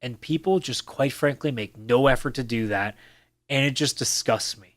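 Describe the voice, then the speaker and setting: A solo podcast host speaks at normal speed in a mid-range, fairly bright voice, with no echo, recorded on a desk camera's mic. His casual talk is blunt and full of swearing, and he sometimes puts on mocking voices to imitate other players.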